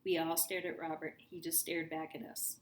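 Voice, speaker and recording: A woman reading a children's book aloud in a lively storytelling manner for young listeners. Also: deep voice, moderate pace. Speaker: reader. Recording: roomy echo.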